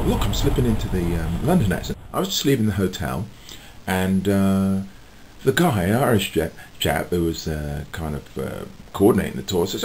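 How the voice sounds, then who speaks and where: Rambling man with lively pitch. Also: moderate pace, slight background noise. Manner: rambling, chatty, with frequent fillers and chuckles. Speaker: vlogger and street musician. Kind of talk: casual chat to camera.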